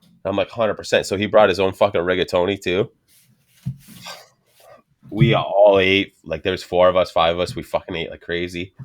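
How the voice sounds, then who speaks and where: A man's voice: deep voice, normal speed, pauses often. A man hosting a casual chat, swearing constantly and telling stories with animation. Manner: profane, animated storytelling.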